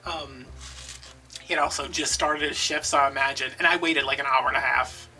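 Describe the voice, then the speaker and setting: A man telling a long casual story while he crafts at home, chatty and animated. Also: medium pitch, fairly quick. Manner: animated, chatty, slips into quoted voices. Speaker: craft video host. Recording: distant mic with background music.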